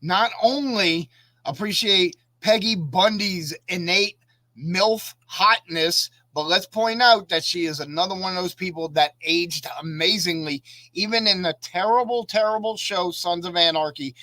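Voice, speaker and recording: A man's voice: sits high, measured pace, bright, forceful tone, no echo. A man co-hosting a casual podcast, talkative and opinionated, telling stories with animation. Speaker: podcast co-host. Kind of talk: casual chat.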